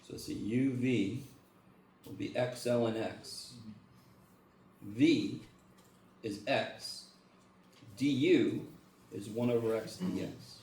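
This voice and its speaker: Speaking slowly with frequent pauses, a male math lecturer with a mid-range voice is recorded from a distance in an echoey classroom with faint hum. He keeps it casual and animated, joking and cursing freely.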